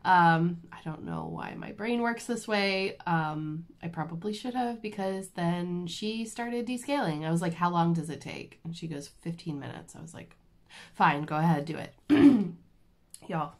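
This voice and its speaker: A woman vlogger telling a personal story in a casual, animated, self-deprecating way with lots of fillers. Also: lowish voice, unhurried. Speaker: crafting vlogger.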